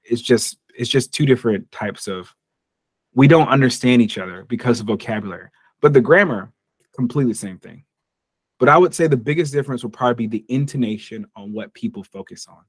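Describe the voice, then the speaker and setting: A man's voice: medium pitch, a little fast, dry recording, clean studio sound. Casual American man teaching English. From United States. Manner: casual and jokey, acts out short example dialogues. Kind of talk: online English lesson.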